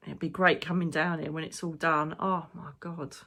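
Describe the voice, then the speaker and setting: A woman speaks in a loose, spiritual monologue as a psychic medium. Her voice sits a little low. She rambles and gets emotional, with the odd casual swear. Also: level tone, normal speed, creaky, fairly bright tone.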